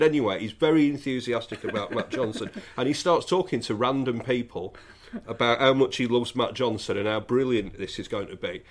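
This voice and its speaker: A man's voice: medium pitch, fairly quick. Wry man telling a story. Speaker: podcast co-host. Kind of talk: casual podcast chat.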